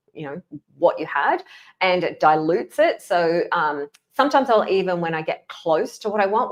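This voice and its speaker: A woman with an Australian accent talks through her work habits in a relaxed solo podcast. Her voice sits a little low, and she keeps it chatty, laughing easily and slipping into exaggerated impressions of replies. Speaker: podcast host. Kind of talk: casual solo podcast talk.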